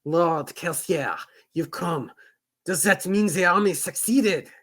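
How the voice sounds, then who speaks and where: A man's voice: high voice, lively intonation, pitched above the performer's own voice. A man doing a jittery young soldier. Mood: anxious. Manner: nervous, halting, drawn-out delivery. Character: anxious young male soldier guarding a cave.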